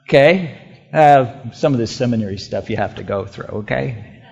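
A man preaching a sermon in a church, emphatic and repetitive, swinging between loud declarations and hushed asides. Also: mid-range voice, expressive, moderate pace, vocal fry. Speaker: pastor. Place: church sanctuary. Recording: muffled, with long hall reverb.

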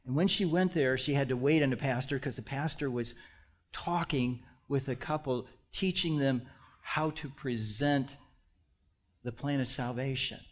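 A man preaching a sermon, swinging between hushed near-whispers and loud, impassioned passages, drawing out key words slowly. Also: medium pitch, muffled recording. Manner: slow, drawn-out emphasis on key words. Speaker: pastor.

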